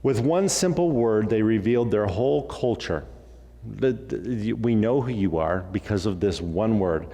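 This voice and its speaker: Animated male pastor in an echoing hall. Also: lowish voice, measured pace. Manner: animated, acts out dialogue, jokey asides. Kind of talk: sermon. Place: church sanctuary.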